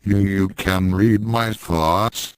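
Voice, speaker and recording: A man's voice: low-pitched, steady tone, slow pace, a little hiss or hum, poor audio. A man reading fan fiction aloud and voicing a hot-tempered young fighter with a defensive, frustrated manner. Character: young martial artist boy, guilty and hot-tempered.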